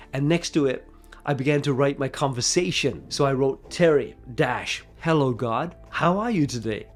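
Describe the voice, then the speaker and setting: A man telling a personal faith story in an expressive, dramatic way, moving between hushed and emphatic delivery. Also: medium pitch.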